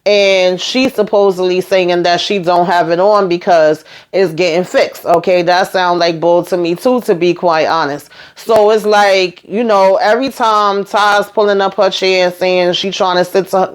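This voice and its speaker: A woman's voice: on the low side, clean tone. A woman hosting a reality show recap, giving sassy, opinionated commentary in a chatty, casual way.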